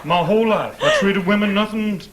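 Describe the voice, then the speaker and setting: A man's voice: sits high, a little fast, heavy background noise, pitched above the performer's own voice, natural voice. A man doing a dim, boastful dead rock king. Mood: rambling boastful. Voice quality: slightly raspy. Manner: rambling, mangles names, drawling. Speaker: radio host doing an impression. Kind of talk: comedy bit on radio.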